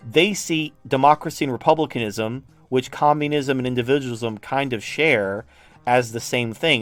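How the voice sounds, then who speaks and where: A man's voice: medium pitch, no room sound. Blunt, profane American man explaining politics. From United States. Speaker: political commentator. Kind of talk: casual explanatory talk over a shared chart.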